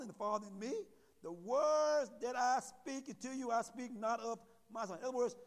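A pastor preaches to his congregation in a very high voice. He drags out the scripture words for emphasis and keeps checking that everyone is following along. His voice rings out with a long reverb tail. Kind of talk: sermon.

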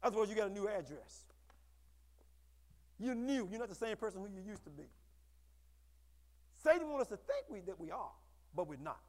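High-voiced preaching man in an echoey hall. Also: big pitch swings, moderate pace, pauses often. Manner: call-and-response preaching, rising to shouts. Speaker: pastor. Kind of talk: sermon. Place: church sanctuary.

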